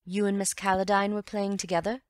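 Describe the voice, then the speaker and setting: A woman reading an audiobook and voicing a calm, wry gentleman amateur detective who reasons in an unhurried, teasing way. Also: medium pitch, no room sound, studio quality, voice pushed up, natural voice. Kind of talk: audiobook character voice.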